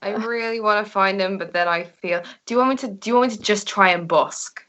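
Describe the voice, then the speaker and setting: A woman's voice: mid-range voice, a little fast, a bit bright. Giggly, unsure woman player. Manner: unsure, giggly, thinking aloud. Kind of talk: casual tabletop play.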